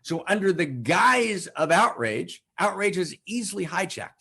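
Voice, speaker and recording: Fervent man preaching with a lively voice. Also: high voice, unhurried, vocal fry, breathy edge. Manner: fervent, swings between loud declarations and hushed asides; keeps adding "right?" as a tag. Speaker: host of weekly online spiritual broadcast. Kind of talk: impassioned spiritual talk. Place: home setup for an online broadcast.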